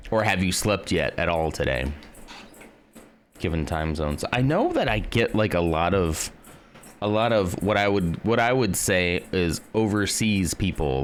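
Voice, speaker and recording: A man's voice: sits low, slight background noise. A man from the United States hosting a live stream, chatting casually and greeting viewers by name. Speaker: livestream host.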